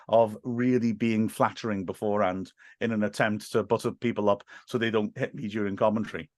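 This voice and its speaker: A man's voice: fairly low pitch, steady tone, fairly quick, hardly any pauses, darkish tone, no echo, clean studio sound. A man who commentates on football, telling self-deprecating stories in a casual podcast chat and laughing often. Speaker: English teacher.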